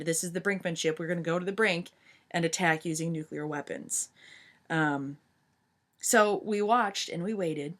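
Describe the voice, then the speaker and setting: Brief: lower-voiced woman teacher, loose lecture style, lots of "um" and "you know". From United States. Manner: chatty, many fillers and restarts. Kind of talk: informal history lecture.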